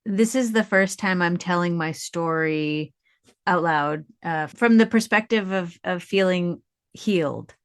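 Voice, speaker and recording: A woman's voice: lowish voice, unhurried, clear, resonant tone. A woman from Milwaukee hosting a podcast, asking questions and affirming her guest in conversation. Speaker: podcast host. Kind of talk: interview conversation.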